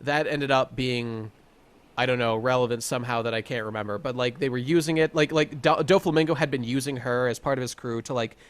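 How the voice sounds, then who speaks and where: A young man co-hosting a casual podcast, talking excitedly with lots of stammered restarts. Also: mid-range voice, brisk, smooth. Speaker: podcast co-host. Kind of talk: casual chat.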